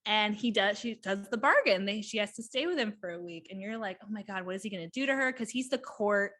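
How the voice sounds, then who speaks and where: A woman co-hosting a podcast, chatting about a book in an excited, rambling way with quick bursts. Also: mid-range voice. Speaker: podcast co-host. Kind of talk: casual book chat.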